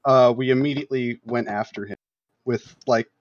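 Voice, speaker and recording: A man's voice: mid-range voice, fairly even intonation, normal speed, no echo, dull audio. A man speaking as a pilot guest over voice chat, hesitant with many fillers. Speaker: pilot guest in a game community. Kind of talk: casual voice chat.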